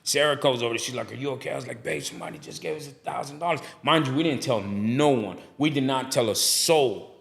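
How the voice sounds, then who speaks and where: A man, animated, telling his story in a casual interview and acting out other voices. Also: mid-range voice, fast talker, vocal fry, few pauses. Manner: animated, preachy storyteller who acts out dialogue. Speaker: barbershop owner and guest.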